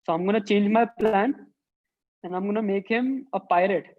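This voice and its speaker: A woman's voice: mid-range voice, moderate pace, phone-quality sound. A woman who teaches an online drawing workshop for children and thinks aloud as she sketches. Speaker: art teacher.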